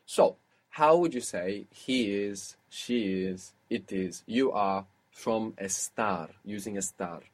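A man's voice: lowish voice, slow pace. A man teaching a spoken language lesson, patiently explaining grammar step by step and quizzing his student.

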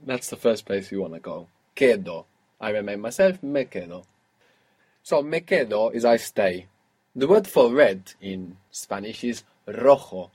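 A man's voice: on the low side, animated, a little slow, a little mellow, slightly rough. A patient male teacher leads a student through a spoken language lesson. He asks short questions, waits for answers and praises each one before moving on. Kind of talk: guided audio language lesson.

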